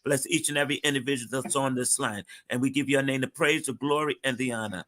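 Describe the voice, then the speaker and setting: A man's mid-pitched voice leads a fervent closing prayer, bright and forceful in tone. He repeats his thanks in a steady rhythm of praise. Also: fast. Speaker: pastor.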